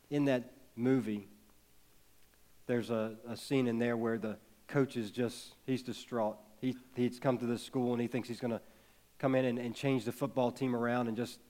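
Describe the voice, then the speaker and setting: A man's voice: mid-range voice, warm tone. A man in his thirties preaching a sermon, telling a personal story in an earnest way and building to emphatic peaks. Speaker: pastor.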